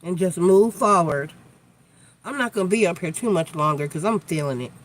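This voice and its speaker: A woman's voice: fairly low pitch, animated, moderate pace. A woman hosting a casual live tarot chat, blunt and chatty with free swearing, tired and yawning from lack of sleep. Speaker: tarot reader, live stream host.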